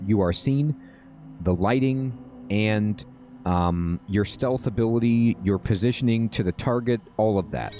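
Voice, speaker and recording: A man giving casual gameplay tutorial commentary as a game guide host, relaxed and checking in often with "all right?". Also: lowish voice.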